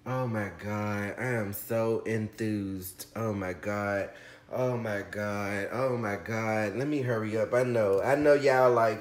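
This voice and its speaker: A man hosting a casual orchid unboxing vlog, effusive, calling viewers honey and shrieking with excitement. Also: lowish voice, takes it slowly. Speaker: orchid channel host. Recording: echoey room, faint background hiss.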